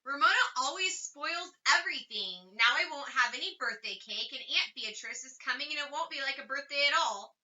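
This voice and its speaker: A woman's voice: sits high, lively intonation, normal speed, hardly any pauses, bright, forceful tone, heavily acted. A woman voicing an upset girl who is a big sister, indignant and weepy, speaking emphatically in a storybook reading. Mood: tearful. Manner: emphatic, exclaiming. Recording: slightly distant dull lo-fi recording.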